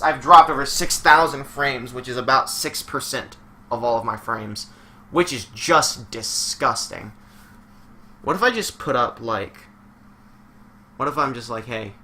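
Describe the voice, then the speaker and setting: A young man with a very bright, sharp-edged voice chats through a wrestling video game on a live stream, rambling and joking in mock play-by-play. A faint hiss of noise sits under his voice, which stays mid-pitched and casual. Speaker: streamer and commentator. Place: home room while streaming.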